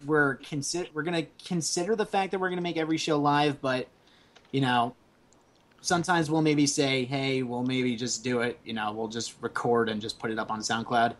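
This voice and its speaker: A man's voice: medium pitch, steady tone, normal speed. A man co-hosting a casual live-streamed podcast chat, upbeat and loose, often repeating himself. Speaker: podcast co-host.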